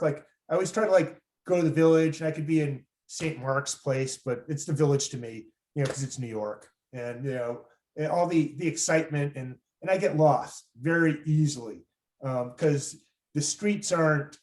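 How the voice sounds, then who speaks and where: A man's voice: a little high, a little mellow. A man from Los Angeles hosting a storytelling show, telling a personal story in a loose, rambling way full of fillers. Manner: rambling, many fillers and restarts. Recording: roomy echo.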